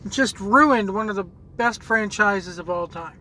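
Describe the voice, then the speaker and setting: A man's voice: high voice, measured pace, sharp tone, slight background noise, low-quality recording. A man hosting a gaming channel who rants angrily about a video game, swearing and repeating words as he searches for what to say. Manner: angry, profane, repeats words while searching for them. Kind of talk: ranting video game commentary.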